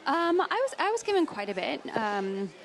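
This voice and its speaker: A woman's voice: sits high, sing-song, moderate pace, a little hiss or hum. A woman who is a former player giving chatty, rambling tennis talk in a studio. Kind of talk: studio sports punditry.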